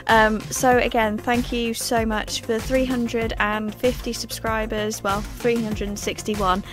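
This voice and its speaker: A woman's voice: a little high, little pitch movement, measured pace, music in the background. A woman vlogger chatting casually and hesitantly, with lots of fillers. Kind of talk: casual chat.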